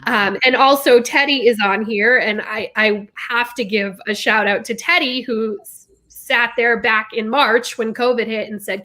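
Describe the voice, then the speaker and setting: Bright, emotional woman sharing openly. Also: fairly high pitch, steady tone, a little slow. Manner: candid, heartfelt, laughs often. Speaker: podcast co-host. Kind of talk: emotional casual chat.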